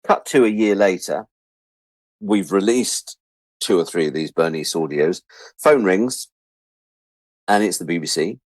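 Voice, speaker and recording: A middle-aged man telling stories as a guest in a casual interview, animated and acting out the voices of the people he quotes. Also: sits low, measured pace, pauses often, no room sound.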